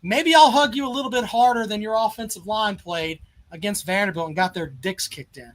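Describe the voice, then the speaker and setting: A man's voice: high voice, a little fast, a bit bright, slight background noise, poor audio. A man hosting a sports call-in show, taunting a caller over and over in a mock-polite way. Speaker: sports talk host. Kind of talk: call-in radio banter.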